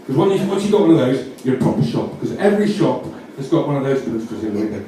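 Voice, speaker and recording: A man's voice: mid-range voice, big pitch swings, quick pace, mellow. A man with a Yorkshire accent giving mock-earnest, rambling comic instructions, often correcting himself mid-sentence. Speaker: comedian. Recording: roomy echo, distant mic, faint noise.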